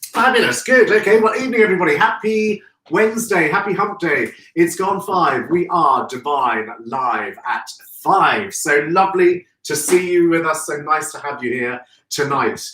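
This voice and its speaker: A man's voice: on the high side, moderate pace, sharp tone. A man hosting a live stream, chatty and effusive, greeting viewers by name. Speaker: host of a live florist show. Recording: echoey room, distant from mic.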